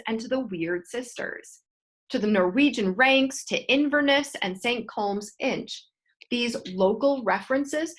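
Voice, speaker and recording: A woman teaching a class, reading a textbook passage aloud and explaining it in steady, patient asides. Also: a little high.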